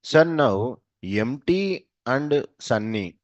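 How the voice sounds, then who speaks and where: A man's voice: medium pitch, lively intonation, very slow, no room sound. A male programming teacher, running a class by asking short questions and answering them himself. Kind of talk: live coding class. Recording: dull, dry lo-fi sound.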